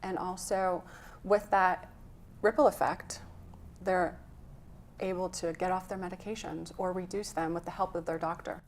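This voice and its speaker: A woman's voice: fairly low pitch, steady tone, moderate pace, a little hiss or hum. A woman guest and health coach, talking earnestly in an interview, telling a story with some emotion. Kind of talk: conversational interview.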